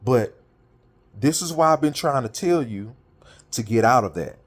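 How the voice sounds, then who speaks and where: A man's voice: medium pitch, unhurried. Man telling a story in casual street talk. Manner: animated storytelling with colloquial speech, quoting friends. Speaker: motivational talker. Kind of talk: casual monologue.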